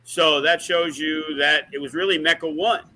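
Man, wrestling promoter, casual podcast storytelling, profane and rambling, fairly high pitch. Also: fairly even intonation, normal speed, bright, forceful tone, rough recording. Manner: profane, rambling, uses lots of fillers.

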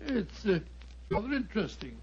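An actor playing a bluff, hearty doctor companion in a vintage radio drama, fussy and exclaiming. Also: male voice, high-pitched, big pitch swings, normal speed, a little hiss or hum. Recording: dull lo-fi old radio recording.

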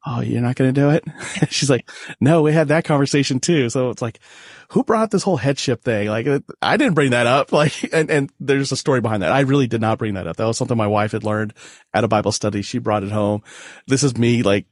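A man's voice: mid-range voice, fast, breathy edge, dry recording, studio quality. A man in his forties, a podcast guest, telling a personal family story in a candid, self-deprecating way with frequent laughs.

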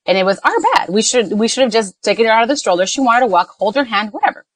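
Chatty mom telling a story, dry sound. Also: female voice, a little high, fast talker, dry recording. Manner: chatty storytelling, mixing in Spanish phrases. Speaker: podcast co-host, mother. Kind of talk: casual chat.

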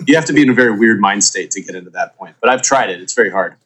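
A man guest on a podcast, talking in a blunt, lively way and quick to interrupt. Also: lowish voice. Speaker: podcast guest, former baseball player. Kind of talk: casual podcast chat.

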